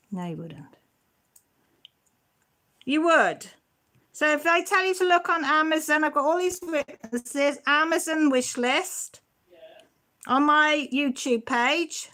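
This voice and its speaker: A woman's voice: sits high, slow pace, pauses often, pushed and bright. A middle-aged woman, hosting a casual livestream and chatting and teasing as she answers viewer comments. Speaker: channel host.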